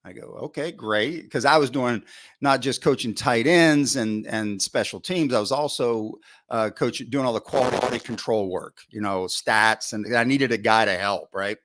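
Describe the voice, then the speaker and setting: A middle-aged football coach appearing as a podcast guest tells coaching stories at medium pitch and a moderate pace. He's animated, acts out his own past thoughts, restarts often, and leans on "you know" as filler.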